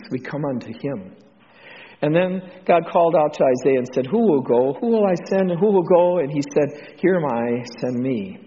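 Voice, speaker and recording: A man with a Texan drawl preaching an informal sermon on missions, rambling with ums and restarts, getting animated. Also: mid-range voice. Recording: dull lo-fi sound with long hall reverb.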